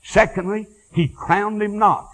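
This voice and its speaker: An older man preaching a fiery revival sermon, moving from quiet storytelling to shouted praise. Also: high voice, steady tone, a little slow, rough recording. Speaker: evangelist.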